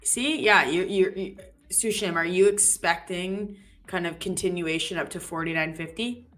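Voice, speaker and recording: A woman co-hosts a live futures trading stream, chatting playfully and hopping from one topic to the next. Her voice is bright and forceful while sitting a little low in pitch. Faint music plays underneath. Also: moderate pace. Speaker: live trading show co-host. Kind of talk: casual live-stream chat.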